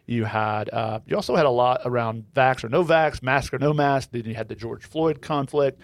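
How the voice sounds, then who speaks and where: Male podcast host with a gravelly edge, thoughtful questioner, dry studio sound. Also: medium pitch, moderate pace, dry recording. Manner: reflective, asks questions. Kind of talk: podcast discussion.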